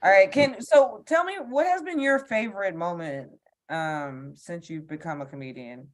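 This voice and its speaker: A woman's voice: on the low side, normal speed. A woman hosting a casual podcast interview, asking questions with hesitant fillers. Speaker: podcast host.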